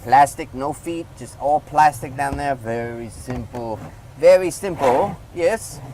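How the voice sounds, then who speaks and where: A man's voice: medium pitch, unhurried, noisy background. Man rambling through a gadget review. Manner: rambling, loose, talks to viewer while demonstrating. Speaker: product reviewer. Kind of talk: casual hands-on product review.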